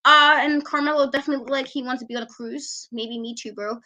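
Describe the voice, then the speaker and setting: Bright, high-voiced woman ranting. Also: steady tone, fast talker. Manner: emphatic, ranting, laughs often. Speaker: wrestling talk show host. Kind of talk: casual opinionated commentary.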